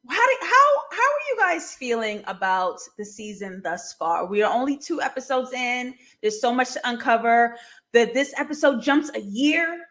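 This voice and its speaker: Young woman live-stream host, casual and animated, quick laughs, slightly high voice. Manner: chatty and animated, laughs often. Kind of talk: casual live-stream chat, reading viewer comments.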